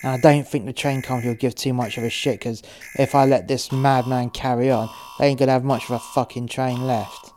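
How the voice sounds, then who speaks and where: A man's voice: medium pitch, fairly even intonation, fairly quick, a little mellow, a little hiss or hum. A man narrating a first-person crime story, swearing freely with rambling, wry asides.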